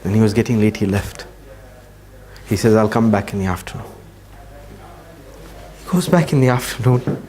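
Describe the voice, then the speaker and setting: A man giving a talk to an audience, telling a story at an unhurried pace and dropping his voice to near-quiet at emotional moments. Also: fairly low pitch. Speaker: speaker at a training session.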